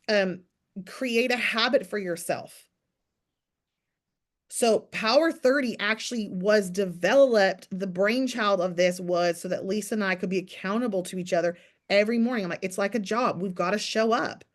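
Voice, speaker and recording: Speaking at a moderate pace in a medium-pitched voice, a woman leads a morning business call over video. Her talk is casual and motivational, direct and chatty, and she addresses listeners by name.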